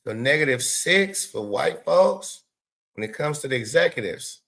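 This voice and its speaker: A man hosting a show, giving loose, excitable live reaction commentary with lots of swearing and laughing asides. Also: mid-range voice, moderate pace, creaky. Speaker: show host.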